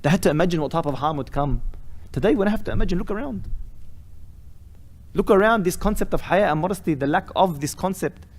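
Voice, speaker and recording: A man preaching a weekly lesson with rising fervor. His voice sits a touch on the high side, and he drives his points home with repeated rhetorical questions and recited Arabic phrases. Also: animated, fast. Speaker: sheikh giving a weekly lesson. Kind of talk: impassioned sermon.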